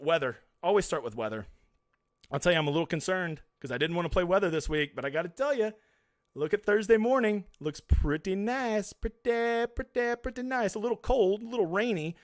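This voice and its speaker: A man's voice: medium pitch, dry recording, studio quality. A man live-streaming fantasy golf picks, talking casually and rambling with self-deprecating asides. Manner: rambling, self-deprecating, swings loud and quiet.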